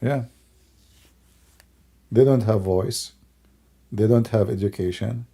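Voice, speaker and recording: A man whose first language is Arabic, hoarse from losing his voice, musing and rambling in broken English on a livestream. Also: fairly low pitch, takes it slowly, warm tone. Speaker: livestream host. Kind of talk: casual livestream talk.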